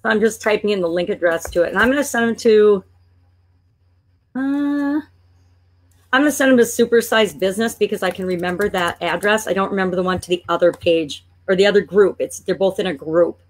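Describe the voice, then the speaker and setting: Woman, business coach, screen-share tutorial, chatty, thinking aloud, playfully exasperated, middle pitch. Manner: playfully exasperated at a slow computer.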